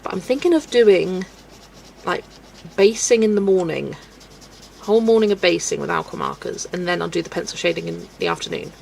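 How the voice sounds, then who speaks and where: A woman's voice: lowish voice, very animated, fairly quick, darkish tone, a little hiss or hum, low-quality recording. A woman hosting a colouring live stream, chatting casually with viewers and giggling often. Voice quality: gravelly creak in the voice. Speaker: colouring livestream host.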